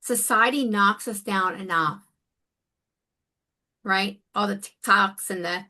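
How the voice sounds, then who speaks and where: A woman's voice: medium pitch, takes it slowly, pauses often, bright, forceful tone. A woman life coach speaking as a guest in a conversational interview, earnest and emphatic. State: near tears.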